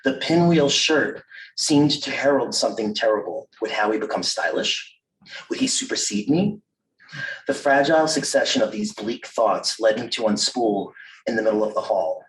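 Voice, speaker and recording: A man reads his own memoir prose to an audience in a measured, wry manner, now and then slipping into self-amused asides. He sits some way back from the mic. The room carries a roomy echo and a faint background hum. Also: fairly low pitch. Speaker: author reading his memoir. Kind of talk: live literary reading of memoir prose. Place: reading event room. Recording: roomy, distant mic at a live reading.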